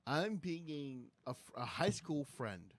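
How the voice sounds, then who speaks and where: A man's voice: a little high, sing-song, slow. A young man co-hosting a comedy podcast, telling a story in a laid-back way with casual restarts.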